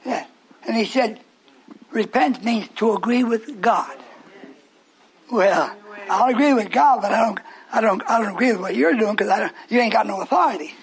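A man's voice: high voice, normal speed. A man preaching a sermon with fervor, retelling scripture and repeating phrases for emphasis. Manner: fervent, repetitive, quoting scripture.

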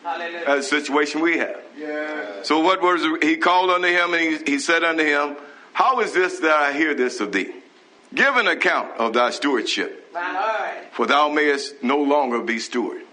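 A man's voice: on the high side, normal speed, bright, forceful tone. A man preaching a fervent, scolding sermon on a live broadcast, reading scripture and breaking into hallelujahs. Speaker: pastor.

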